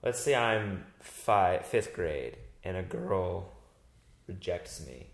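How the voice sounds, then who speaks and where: A man hosting a casual talk, telling stories in an animated, rambling way and acting out his own thoughts. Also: low voice, takes it slowly. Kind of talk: casual chat. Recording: roomy echo.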